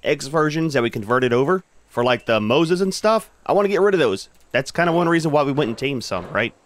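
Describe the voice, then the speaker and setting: A man's voice: on the high side, sing-song, brisk, dry recording. A man hosting a gaming channel, giving casual commentary as he plays and chatting to his creatures in a laid-back way.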